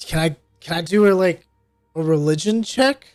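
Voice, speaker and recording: A man with a high voice jokes with his fellow players in a tabletop game. The recording is dry and close, with faint music underneath. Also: no echo. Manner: joking and quick to laugh. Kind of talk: casual game chat.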